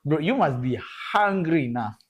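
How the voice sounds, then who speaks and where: Emphatic man, husky voice. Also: fairly high pitch, animated, moderate pace. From Kenya. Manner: emphatic, repeats words, addresses listener as bro. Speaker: guest photographer. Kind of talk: casual interview talk.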